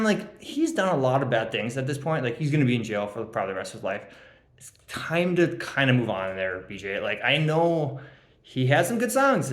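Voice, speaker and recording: With a medium-pitched, slightly bright voice and reverberant sound, a young man gives his fantasy league friends their draft grades. He teases and rambles through the casual roast, with frequent ums and laughs at his own jokes.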